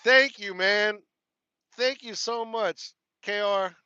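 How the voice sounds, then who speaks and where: A man with a Texas country accent livestreams casually from his truck, reading out viewer comments, laughing frequently, and thanking people over and over. He speaks slowly in a high-pitched, pushed, bright, smooth voice, with no echo and dull audio.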